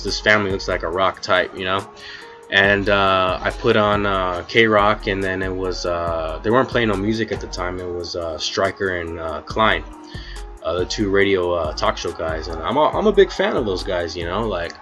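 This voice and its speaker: Low-voiced man telling a rambling story. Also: pushed and bright. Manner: rambling, profane, constant "you know" fillers. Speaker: former rideshare driver. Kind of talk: casual storytime vlog.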